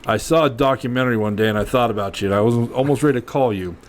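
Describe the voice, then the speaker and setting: A man hosting a casual podcast chat, joking around and telling animated stories with frequent laughter. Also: medium pitch, very fast, a little hiss or hum. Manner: joking, animated storyteller who laughs often. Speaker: podcast host.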